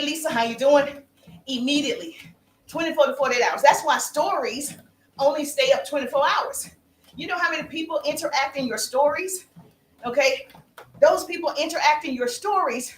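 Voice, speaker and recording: High-voiced energetic woman coaching live. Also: reverberant, a little hiss or hum, rough recording. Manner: energetic, calls out viewers by name. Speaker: business coach. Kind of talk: live-stream coaching talk.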